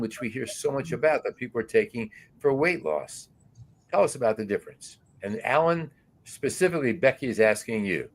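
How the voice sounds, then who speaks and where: A man co-hosting a radio talk show, briskly passing on listener questions to guests. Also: medium pitch. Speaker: radio co-host. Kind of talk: radio interview.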